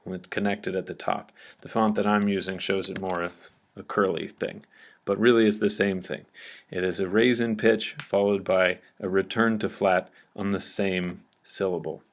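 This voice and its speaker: A man's voice: sits low, little pitch movement, moderate pace. A man teaching a recorded grammar lesson, explaining step by step and often checking in with "okay?".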